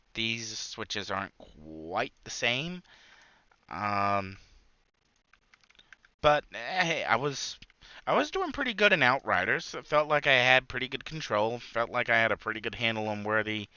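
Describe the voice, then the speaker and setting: A man's voice: on the low side, lively intonation, unhurried, bright, forceful tone, clear, resonant tone, no echo, dull audio. A man hosting a gaming channel, rambling through live gameplay commentary with lots of filler words and restarts.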